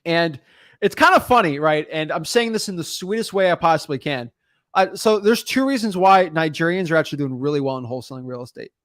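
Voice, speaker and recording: A man hosting a podcast in casual chat, energetic and emphatic, rambling with frequent restarts. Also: fairly high pitch, brisk, no echo, studio quality. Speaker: podcast host.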